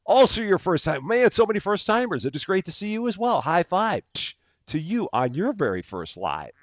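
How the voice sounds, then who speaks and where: A man's voice: high voice, sing-song, moderate pace, dry recording. A man hosting a live game stream, chatting casually and greeting viewers by name with upbeat lifts in his voice. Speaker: livestream gaming host.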